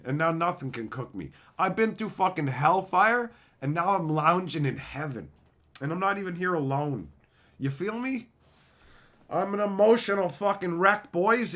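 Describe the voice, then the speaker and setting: A man chatting casually with viewers on a live stream, profane, animated and openly emotional. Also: fairly high pitch.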